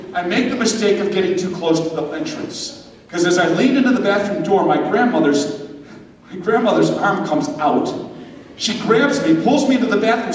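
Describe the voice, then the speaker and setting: A man telling a story at a confirmation retreat, animated and speaking straight to his listeners. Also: high voice. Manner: animated, addresses listeners directly. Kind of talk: storytelling talk. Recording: echoey hall from far off with faint noise.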